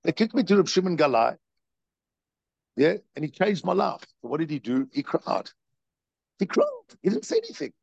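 Brief: male rabbi lecturing, husky, lively pitch, dry slightly muffled sound. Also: moderate pace, pauses often, no echo. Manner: animated, repetitive storytelling with rhetorical questions. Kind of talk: Torah lecture.

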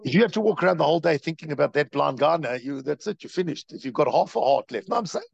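Brief: male rabbi lecturing, husky, lively pitch, dry slightly muffled sound. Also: fast talker, no echo. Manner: animated, repetitive storytelling with rhetorical questions. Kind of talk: Torah lecture.

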